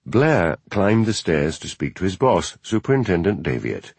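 A man reading a novel aloud as narrator, in measured storytelling. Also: deep voice, big pitch swings, darkish tone, husky, no echo. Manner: measured storytelling, voices each character. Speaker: audiobook narrator. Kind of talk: scripted narration.

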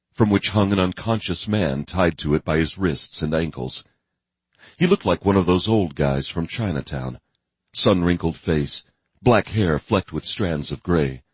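A man narrating a dark thriller audiobook in a measured storytelling manner with vivid emphasis. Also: deep voice, breathy edge, no room sound.

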